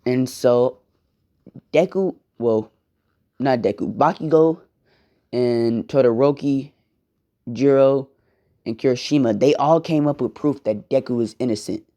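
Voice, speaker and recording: Brief: young male storyteller, casual and rambling, heavy slang, unhurried, warm dark tone. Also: mid-range voice. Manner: loose slang and profanity, rambling asides. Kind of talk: casual fan-fiction storytelling.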